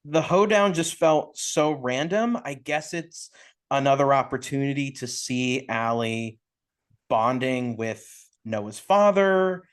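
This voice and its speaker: A man's voice: medium pitch, animated, slow pace, clear, resonant tone. A man co-hosting a podcast, giving hesitant, filler-heavy opinions on a film with a wry edge. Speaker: podcast co-host. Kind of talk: casual film discussion.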